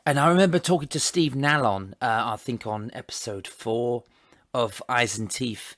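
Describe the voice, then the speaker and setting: A man hosting a podcast, chatty and quick to laugh as he wraps up an interview. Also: medium pitch, no room sound, clean studio sound. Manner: chatty, laughs often, warm thanks. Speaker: podcast host. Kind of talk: casual interview and outro.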